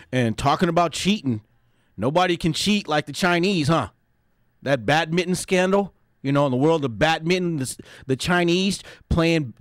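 A man's voice: fairly high pitch, no room sound, clean studio sound. A man hosting a sports talk radio show, brash and opinionated, tacking "man" onto his sentences. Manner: brash, ends phrases with "man".

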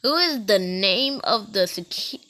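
A woman's voice: medium pitch, lively intonation, unhurried, bright, forceful tone. A woman hosting a gaming channel, giving casual gameplay commentary in a playful, giggly way with silly outbursts.

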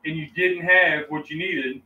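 Bright-voiced middle-aged man telling cookout stories. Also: a little high, measured pace, highs cut off, slight background noise. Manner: animated, acts out quoted exchanges. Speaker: host of a cooking channel. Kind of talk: casual storytelling chat. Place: outdoors at a cookout. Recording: echoey, distant mic, faint ambience.

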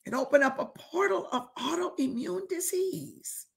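A woman's voice: very high-pitched, animated, a little slow, gravelly. A woman bishop preaching a fervent sermon, firing rhetorical questions and calling out to listeners, sometimes dropping to a whisper.

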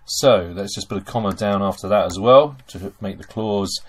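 A man's voice: lowish voice, normal speed. A man teaching German grammar over a screen recording, chatty and full of okays and fillers.

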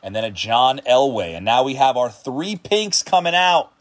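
Casual commentary fills this trading card break livestream as the male host calls out player names and gets loud and excited, even shouting, over big pulls. Late in the long stream, he's tired and hungry, speaking in a mid-range voice at a moderate pace.

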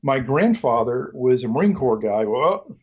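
A man's voice: medium pitch, very animated, unhurried, breathy edge, lo-fi sound. A middle-aged man from Mississippi with a Southern accent, a guest telling stories in a rambling, joking way with many ums and restarts. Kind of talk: casual interview storytelling.

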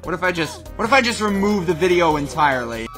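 Excitable high-voiced young man gaming. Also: fast, over music. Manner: goofy, shouty, excitable. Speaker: gaming YouTuber. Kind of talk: let's play commentary.

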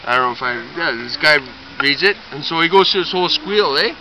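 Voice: medium pitch, lively intonation, fairly quick. Rambling joke teller, far off. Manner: rambling, tags lines with "eh?", swears mildly. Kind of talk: casual joke telling. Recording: distant, dull, noisy home recording.

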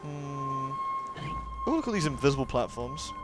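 A man's voice: fairly high pitch, wildly swooping pitch, normal speed. A man casually commentating his gameplay, chatty and rambling with jokey asides. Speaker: let's play host. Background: game music.

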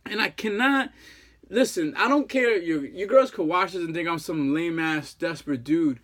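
A man's voice: fairly high pitch, normal speed, a bit bright. A man in his thirties, a jilted ex-boyfriend, delivering a rambling, pleading monologue full of slang and repeated fillers. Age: 30s. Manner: casual profane slang.

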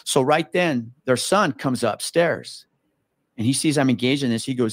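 A man's voice: medium pitch, moderate pace, dry recording. Man telling a cop story. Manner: animated, swearing, acts out quotes with gasps and whispers. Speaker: former police officer telling a story. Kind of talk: casual storytelling.

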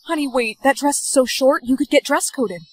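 A woman's voice: sits high, brisk, poor audio. A woman playing a worried mother who fusses over her daughter in a TikTok POV skit. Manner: hushed, fretting. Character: worried, fussy mother of a teen.

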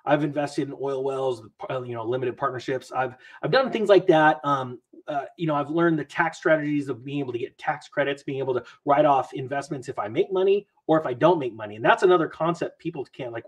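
A man talking about money and markets as a podcast guest in a rambling, animated way, acting out what other people say. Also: medium pitch, fairly quick, few pauses, husky. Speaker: guest investor commentator. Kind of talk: casual podcast chat.

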